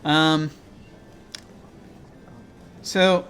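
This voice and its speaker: A man narrating a tabletop game as game master over a video call, halting and full of fillers and restarts. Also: a little high, little pitch movement, fairly bright tone, soft background music.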